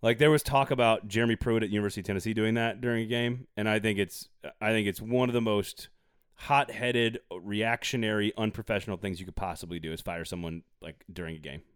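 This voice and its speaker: A man hosting a casual sports podcast, getting animated and worked up, tossing in jokey plugs. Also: on the low side, quick pace, clear, resonant tone, dry recording, clean studio sound. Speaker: podcast host.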